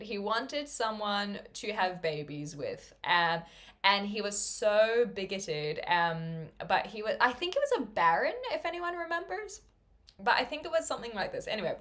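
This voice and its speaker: A woman chatting live with her stream audience in a loose, rambling way. She fills gaps with ums and uhs and keeps breaking into laughter. Her pitch sits in an ordinary middle range. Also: fairly bright tone. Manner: chatty, rambling, many fillers, laughs often. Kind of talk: casual chat with viewers.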